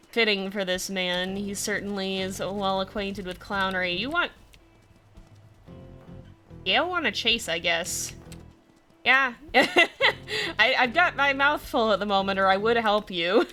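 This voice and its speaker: A woman streamer chatting casually over a wolf game, laughing often and loudly, with a light lilt. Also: medium pitch. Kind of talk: casual gameplay commentary.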